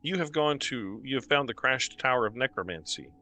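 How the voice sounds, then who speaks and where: A man running a tabletop game as game master. He narrates the scene haltingly and trails off with fillers. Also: medium pitch, lively intonation, pushed and bright, no room sound.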